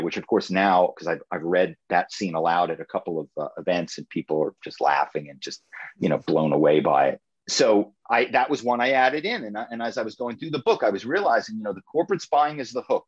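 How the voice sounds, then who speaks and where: Low-voiced man telling stories. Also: no room sound, highs cut off. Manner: animated, storytelling, many restarts. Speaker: author and guest. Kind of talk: casual interview chat.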